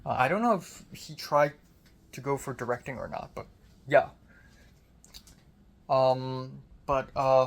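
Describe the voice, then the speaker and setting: A young man, a college student, in a casual video diary, his voice deep and strained after screaming, frustrated and self-critical, swearing often. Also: takes it slowly, pauses often. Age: young adult.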